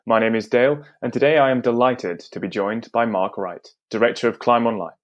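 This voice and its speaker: Quick-talking man hosting a podcast. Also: medium pitch, fairly even intonation, muffled recording. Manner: enthusiastic, with hesitant restarts when asking. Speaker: podcast host. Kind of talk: interview hosting.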